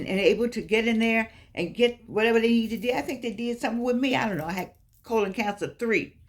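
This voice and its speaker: Emphatic older woman vlogger. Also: medium pitch. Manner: emphatic, preachy, repeats herself. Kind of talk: casual chat to viewers.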